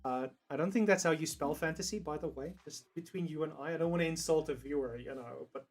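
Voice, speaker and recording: A man's voice: on the high side, quick pace. A young man with a South African accent chatting casually on a livestream, rambling, laughing often and swearing freely. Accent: South African English. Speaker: streamer.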